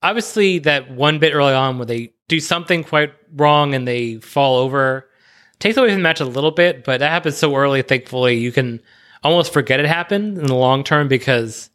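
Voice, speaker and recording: A man's voice: medium pitch, fairly bright tone, clear, resonant tone. A man on a podcast giving his opinions on a wrestling match in casual, opinionated talk that speeds up in bursts. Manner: chatty opinionated analysis, quickens in bursts. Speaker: podcast co-host. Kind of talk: casual discussion.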